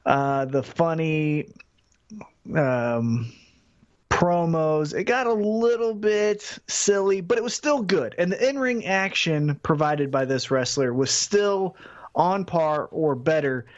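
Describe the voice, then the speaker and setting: A man co-hosting a casual wrestling podcast, speaking in a measured, deliberate way. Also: on the high side, expressive. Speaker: podcast co-host. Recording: dull lo-fi audio.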